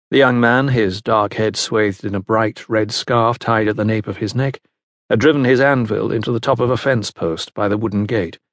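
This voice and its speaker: Male narrator, measured historical-fiction reading, gravelly and dry. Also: mid-range voice, dry recording. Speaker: audiobook narrator. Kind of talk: scripted narration.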